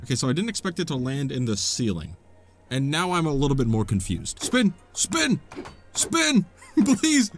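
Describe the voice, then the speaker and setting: A young man giving let's-play commentary, self-mocking and joking while he talks to the game characters. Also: medium pitch. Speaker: gaming YouTuber.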